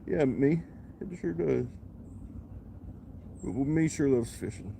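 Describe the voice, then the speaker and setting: A man's voice: mid-range voice, animated, takes it slowly, gravelly, warm tone, slight background noise. A man live-streaming from a creek, chatting casually and muttering to himself between greetings to viewers. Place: outdoors at a creek.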